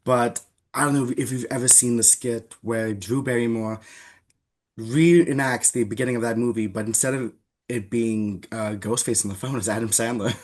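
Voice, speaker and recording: Animated man telling movie stories. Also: mid-range voice, moderate pace. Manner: animated storyteller, laughs mid-sentence. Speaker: podcast guest. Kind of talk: casual movie chat.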